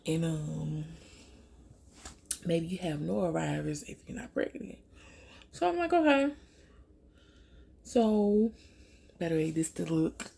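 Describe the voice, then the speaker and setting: A young woman from Louisiana chats through a storytime while doing her makeup at home. Her voice is mellow and husky with a gravelly edge. She goes high and animated when she quotes people. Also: slow pace, long pauses. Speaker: vlogger.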